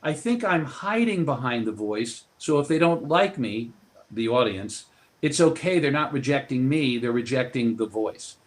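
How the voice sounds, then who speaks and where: A man's voice: medium pitch, lively intonation, normal speed. Expansive storytelling male guest. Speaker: guest author. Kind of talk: interview storytelling.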